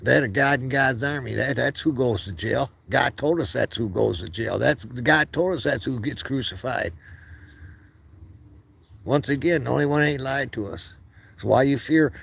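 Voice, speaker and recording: A man's voice: mid-range voice, moderate pace, creaky, fairly bright tone, breathy edge. A man hosting his own video channel, speaking in a heated, profane monologue and often stumbling and restarting his words. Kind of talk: casual ranting monologue.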